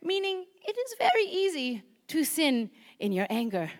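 Woman preaching at church, high voice, bouncy and chatty, keeps quizzing the crowd. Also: normal speed. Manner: lively, conversational, asks the audience questions. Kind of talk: sermon.

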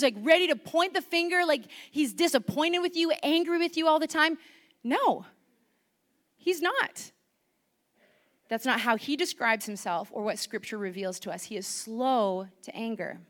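A woman giving a sermon in church, chatty and lively, asking the congregation questions. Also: high-pitched. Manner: lively, conversational, asks the audience questions. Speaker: preacher.

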